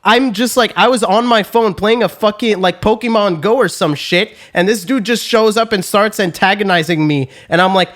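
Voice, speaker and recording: High-voiced, swearing podcast host. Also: male voice, normal speed, few pauses. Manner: animated storytelling, heavy swearing. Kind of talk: casual podcast chat.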